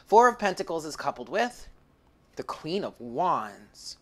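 A woman with a low voice reads tarot cards for her viewers. She sounds close to tears and speaks emotionally, calling the listener honey and swearing freely. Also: sing-song, measured pace. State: tearful. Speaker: tarot reader.

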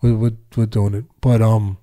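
A man's voice: fairly low pitch, flat delivery, normal speed, mellow. An older man, a boxing trainer, telling a story in rambling casual talk with many restarts. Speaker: boxing trainer and podcast guest.

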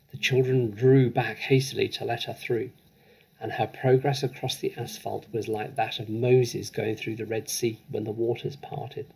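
Gravelly-voiced man reading a storybook. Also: mid-range voice, rough recording. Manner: measured, expressive narration. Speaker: story reader.

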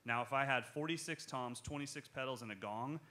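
A man leading a drum clinic in front of a crowd, animated and joking. His voice is bright and forward, and he talks straight to the room. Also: medium pitch, brisk. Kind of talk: live drum clinic talk with Q&A. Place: music shop clinic in front of an audience.

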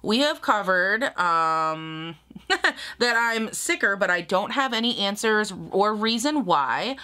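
Young woman makeup vlogger, bright and forward tone, chatty and self-mocking, speaks straight to viewers. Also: medium pitch, sing-song, slow. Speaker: beauty vlogger. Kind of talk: casual get-ready-with-me chat.

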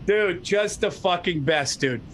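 A man's voice: high voice, unhurried, a bit bright, a little hiss or hum. A man in casual chat over a video call, animatedly retelling jokes with plenty of swearing.

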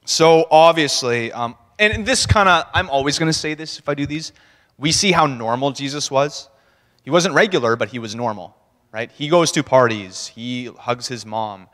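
A man preaches in a loose, chatty way, laughing now and then and slipping into little voices for the people in his story. His voice sits at an ordinary middle pitch. A long church-hall reverb trails behind every word. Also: normal speed, fairly bright tone. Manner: conversational, laughing, acts out quotes. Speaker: church speaker. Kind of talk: casual sermon talk. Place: church sanctuary.

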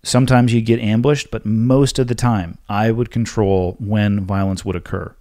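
Low-voiced guy hosting a podcast, blunt and preachy, dry close sound. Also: fairly even intonation, moderate pace, no echo. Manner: blunt, forceful, lecturing. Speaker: podcast host. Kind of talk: solo podcast Q&A.

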